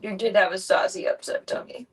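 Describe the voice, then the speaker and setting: A woman streamer in casual chat, talking softly and coaxingly to her pet. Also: medium pitch, steady tone, a little fast, slightly rough. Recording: distant mic.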